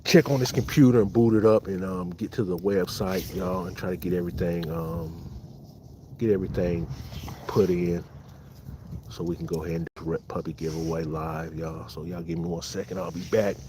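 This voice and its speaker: A man's voice: low-pitched, level tone, moderate pace, dark tone, slight background noise, poor audio. A man from California with a Californian accent, hosting a casual livestream and talking easily to his viewers. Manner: laid-back, keeps calling viewers y'all and thanking chatters. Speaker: dog breeder hosting a livestream. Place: outdoors in the cold beside big dogs. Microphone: phone set up on the spot.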